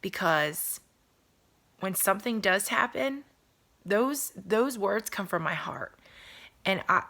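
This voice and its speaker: Earnest woman with a bright, whispery voice. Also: mid-range voice, animated, takes it slowly, long pauses. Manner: repetitive, earnest, drops to whispers. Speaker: vlogger. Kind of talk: emotional personal video talk. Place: at home.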